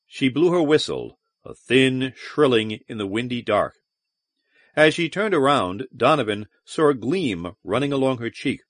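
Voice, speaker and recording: A man narrating a science fiction audiobook in a measured, dramatic manner. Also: mid-range voice, big pitch swings, dry recording. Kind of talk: scripted narration.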